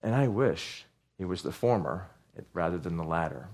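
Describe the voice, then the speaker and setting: Earnest preacher with fervent swells. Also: male voice, low-pitched, lively intonation, moderate pace, darkish tone. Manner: earnest, rising to fervent outbursts; conversational, with restarts and asides to the congregation. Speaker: pastor. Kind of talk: sermon.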